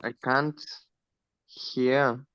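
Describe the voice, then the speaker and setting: A man reads his English sentences slowly and hesitantly. His voice is smooth and flat. The sound is dry and a bit dull. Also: medium pitch, dry recording. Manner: slow, hesitant reading. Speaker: student.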